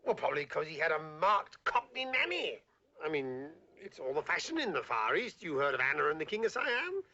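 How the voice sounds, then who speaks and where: A man's voice: on the high side, big pitch swings, fairly quick, pushed and bright, exaggerated voice. An actor playing a pompous, sarcastic male school headmaster in a 1960 British film comedy. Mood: sardonic. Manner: blustering and sarcastic. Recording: dull old film soundtrack.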